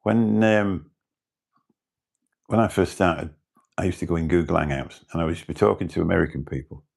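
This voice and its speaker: A man's voice: sits low, steady tone, moderate pace, vocal fry, darkish tone, husky. A British man hosting a livestream, chatting casually and rambling as he greets viewers in the chat. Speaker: livestream host.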